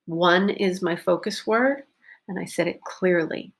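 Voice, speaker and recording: Lady teaching pronunciation, kinda low voice, lots of vocal fry, repeats stuff slowly. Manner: slow, careful, repeats example sentences. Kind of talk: unscripted pronunciation lesson.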